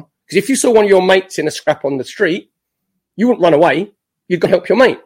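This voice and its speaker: A man talks on a podcast as a guest. His voice sits a bit high for a man, and he tells stories with energy, acting out other people's words. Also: fairly quick, husky. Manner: animated storyteller, acts out quotes. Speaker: guest, former footballer. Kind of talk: casual podcast chat.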